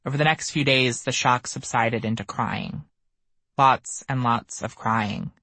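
A man reading his own memoir aloud as an audiobook, measured and somber. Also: medium pitch, fairly even intonation, bright, forceful tone, dry recording. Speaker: memoir narrator. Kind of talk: audiobook narration.

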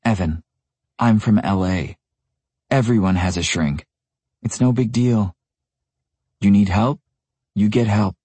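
A man's voice: lowish voice, takes it slowly, long pauses, mellow, husky, no echo, voice pushed up. A man narrating an audiobook voices a breezy, teasing young woman who speaks in a light, casually airy way.

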